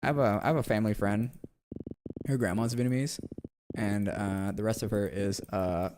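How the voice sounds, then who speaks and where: A man's voice: lowish voice, fairly even intonation, moderate pace, noisy background. A man chatting casually on a stream in a slangy, laid-back way, reacting to chat and often restarting his words.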